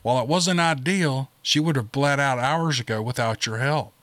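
A man's voice: mid-range voice, normal speed, a bit bright, no echo, natural voice. A man voicing an earnest, determined woman warrior in an audiobook.

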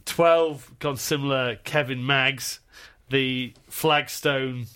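A man with a bright, forceful voice banters casually, ticking off a list and breaking into laughing anecdotes. His tone is jokey and lively. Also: medium pitch, slow, smooth. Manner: jokey, laughs while telling stories. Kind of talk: casual banter, listing a team.

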